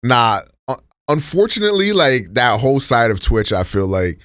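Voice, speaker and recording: A man's voice: mid-range voice, sing-song, moderate pace, a bit bright, dry recording, studio quality. A man streaming live, chatting casually in a rambling, profane, slang-heavy way as he reacts to videos.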